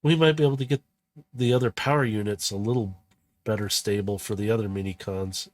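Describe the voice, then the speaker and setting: A man doing a small, brisk female robot. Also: lowish voice, fairly even intonation, darkish tone, no room sound, lightly acted. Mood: matter-of-fact. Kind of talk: in-character tabletop role-play.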